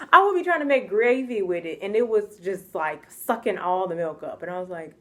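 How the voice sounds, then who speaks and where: A young American woman telling a personal story in a casual vlog, chatty and expressive, often acting out what people said and laughing. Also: mid-range voice, normal speed. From United States.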